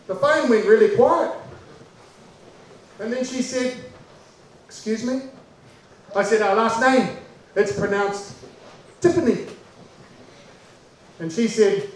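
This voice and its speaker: A man with a New Zealand accent tells a funny story on stage, acting out each character as he goes. His voice sits high and bounces around a very echoey room. He is picked up from a distance, with faint noise behind him. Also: unhurried, long pauses. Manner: animated, acts out voices of people in his story. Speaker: comedian. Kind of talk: stand-up storytelling.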